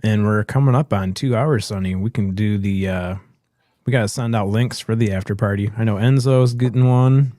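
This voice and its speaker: A man's voice: on the low side, normal speed, mellow, dry recording, clean studio sound. A man hosting a casual podcast, joking around and reading chat comments aloud. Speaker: host.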